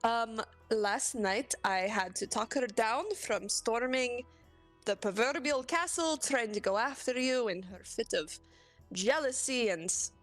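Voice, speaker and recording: A woman's voice: a little high, a little slow, faint music behind. A woman playing a tabletop game, talking hesitantly with many fillers. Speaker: player. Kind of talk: in-character tabletop play.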